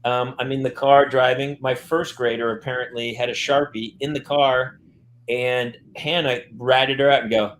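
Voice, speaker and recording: This middle-aged man hosts a podcast, his medium-pitched voice moving at normal speed as he chats casually and spins stories. He laughs a lot and performs the quotes he recounts, over a faint hiss or hum.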